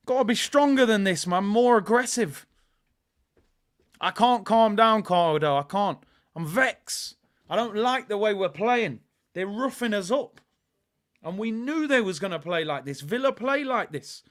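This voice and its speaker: Young man, fan watchalong commentary, excitable, shouty, high voice, bright tone. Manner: excitable, shouting at players, London slang. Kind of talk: live football watchalong commentary.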